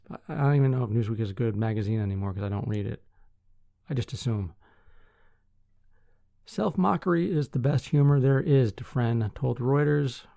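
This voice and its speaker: A man's voice: medium pitch, creaky, mellow, dry recording, dull audio. A sleepy man hosting a podcast, reading news stories aloud and breaking off for dry asides. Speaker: podcast host.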